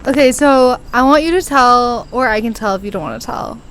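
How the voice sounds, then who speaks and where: A woman's voice: a little high, brisk, fairly bright tone. A woman in her twenties hosting a podcast, chatting and telling stories with lots of giggles, recorded outdoors on a porch. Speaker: podcast host. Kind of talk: casual chat.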